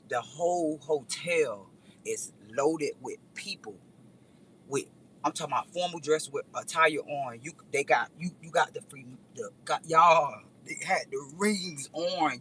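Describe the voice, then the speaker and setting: A woman's voice: deep voice, slight background noise, low-quality recording. A woman vlogger telling a rambling story in a casual chat, speaking straight to her viewers. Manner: animated, rambling, addresses viewers directly.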